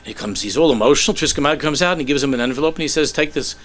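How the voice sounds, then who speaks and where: A man, a rabbi, telling a story in a sermon with animated delivery that sinks to soft, low tones. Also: very fast.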